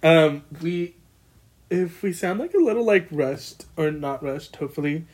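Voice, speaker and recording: A woman's voice: low voice, expressive, a little slow, darkish tone, slightly rough. A young woman in her twenties co-hosting a casual podcast, blunt and full of fillers, recorded on a built-in laptop mic. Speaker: podcast co-host. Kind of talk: casual chat.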